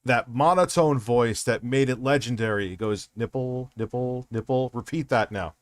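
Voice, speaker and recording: A man hosts a livestream, chatting casually and swearing a lot as he rambles, restarting sentences and trailing off. His voice is medium in pitch, at a normal pace, with no echo.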